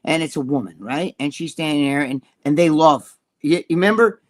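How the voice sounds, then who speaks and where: A middle-aged man, ranting loudly and profanely as a podcast co-host. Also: a little high. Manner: loud, profane, fast-shifting rant.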